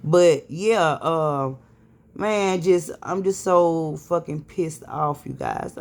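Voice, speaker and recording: Woman, stressed, weary, venting vlog, heavy swearing, halting fillers. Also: low-pitched. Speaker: vlogger. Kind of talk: casual venting to camera.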